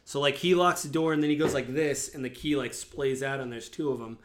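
A man's voice: mid-range voice, steady tone, brisk, slight background noise. A man narrating a tabletop game as game master, rambling with many fillers.

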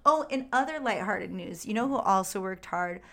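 Woman podcast co-host at a middling pitch; casual, animated movie chat. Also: normal speed. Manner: animated, re-enacts scenes with put-on quotes.

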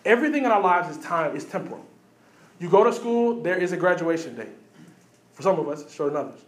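A fairly high-voiced man preaches, jumping between quick asides and repeated phrases. His voice rings out through a roomy church hall. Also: lively intonation. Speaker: pastor. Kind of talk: sermon.

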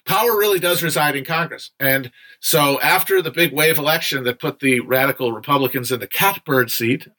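A man's voice: mid-range voice, brisk, sharp tone. A young man hosting a casual livestream book discussion, chatty and digressive, with frequent fillers and some swearing.

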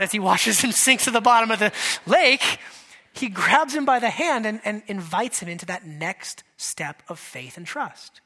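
A male pastor preaching a lively, conversational sermon, acting out quotes from scripture figures. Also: sits high, moderate pace.

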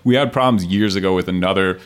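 Low-voiced man telling a rambling street story. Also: quick pace, clear, resonant tone. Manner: loose, profane, rambling storyteller. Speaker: podcast guest, street poet. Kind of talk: casual storytelling chat.

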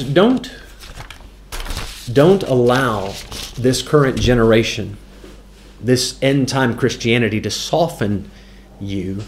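A man preaching a sermon in a mid-pitched voice. He quotes scripture in old-style wording and slows down to drive points home, emphatic throughout. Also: darkish tone, slight background noise. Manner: varies pace, slows down for weight.

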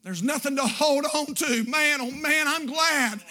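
A man preaching a sermon to a church, fervent, rising to shouts and breaking into laughter at times. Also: very high voice, a little slow, few pauses. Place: church sanctuary.

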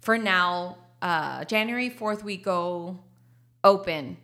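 A woman's voice: fairly low pitch, takes it slowly, fairly bright tone. A woman, a coffee shop owner talking casually in an interview, laughing often and slipping into Spanish. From Texas.

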